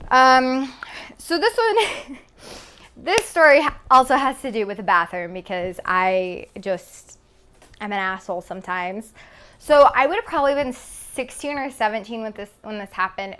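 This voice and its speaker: A woman of about twenty from Texas, recording on a phone camera, tells a casual storytime as a vlogger. Her medium-pitched voice sounds pushed, bright and smooth, and she fills her talk with "like" and casual swearing.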